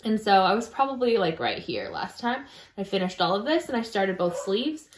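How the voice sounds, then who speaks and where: A woman co-hosting a casual podcast, calmly walking through her knitting step by step. Her voice is mid-pitched, and the room around her has a noticeable echo. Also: moderate pace, a little hiss or hum. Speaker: podcast co-host. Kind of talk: casual chat about knitting.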